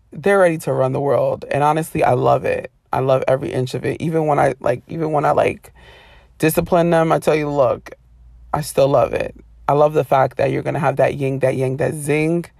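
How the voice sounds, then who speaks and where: A woman with a gravelly, creaky edge to her voice talks straight into a close, dry-sounding mic. She hosts a casual storytelling monologue, animated and expressive, slipping into little voices for the people she quotes and laughing often. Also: deep voice, dry recording. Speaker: podcast host.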